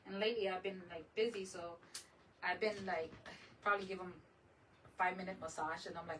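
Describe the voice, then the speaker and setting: A woman hosting a craft livestream, telling a lively story in casual chat, laughing often and slipping in Spanish words. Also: fairly low pitch, fairly quick. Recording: voice a bit far from the mic, faint room noise.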